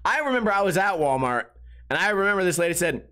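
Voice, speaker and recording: Solo podcast host, male, voice a touch high, loose swearing storyteller who mimics the people he talks about. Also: very animated, fast talker, sharp tone. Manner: rambling, profane, acts out people he quotes. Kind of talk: casual solo storytelling monologue.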